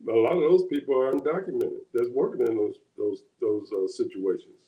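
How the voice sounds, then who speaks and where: A man co-hosting a casual political chat. He thinks aloud in a halting way, with many pauses and restarts. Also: medium pitch, roomy sound, dull audio. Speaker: co-host.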